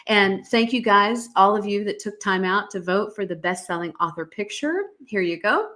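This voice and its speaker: A woman's voice: medium pitch, animated, moderate pace, pushed and bright. A middle-aged woman from the United States hosting a live-stream podcast, talking in an emphatic, motivational way and greeting viewers. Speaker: podcast host.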